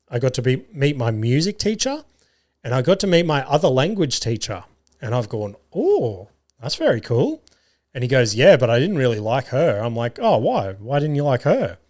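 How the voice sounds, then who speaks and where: A man, a podcast host telling casual stories and swearing freely. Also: mid-range voice. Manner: swears freely, acts out family dialogue. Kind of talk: casual storytelling.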